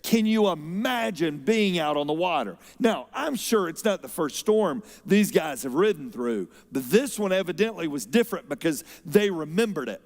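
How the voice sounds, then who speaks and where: A man preaching a sermon as pastor, expressive, moving between loud emphasis and quiet, unhurried stretches. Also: high-pitched. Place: church auditorium. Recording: long hall reverb.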